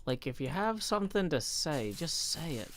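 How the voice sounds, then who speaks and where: A man's voice: fairly high pitch, big pitch swings, moderate pace, a bit bright, a little hiss or hum. A man streaming live, chatting casually and reading messages aloud with wry asides. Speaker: livestreamer. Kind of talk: casual livestream chat.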